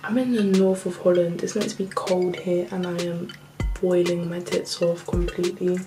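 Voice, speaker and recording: A woman's voice: fairly low pitch, flat delivery, normal speed, over music. A young woman, a university student chatting casually and bluntly to camera in her new room. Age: young adult.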